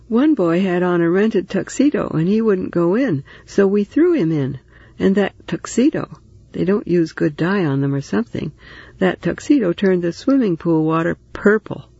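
A man's voice: high voice, vocal fry, darkish tone, slightly rough, no room sound, highs cut off, exaggerated voice. A man voicing a talkative, motherly woman neighbor who comforts and teases in a storybook reading.

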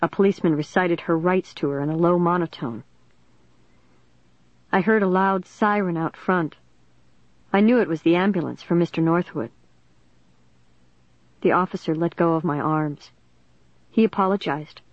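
A woman narrates a young-adult thriller with steady, clear delivery. Her voice sits on the low side. The recording is dead-dry and slightly muffled. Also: moderate pace, long pauses, no echo. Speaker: audiobook narrator. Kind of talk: scripted narration. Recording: dull, dry studio recording.

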